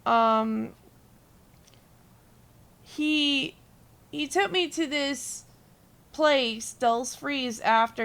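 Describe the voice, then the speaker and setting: A woman's voice: on the high side, fairly bright tone. A young woman chatting casually while gaming, telling a rambling story, swearing freely and answering viewers. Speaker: gaming streamer.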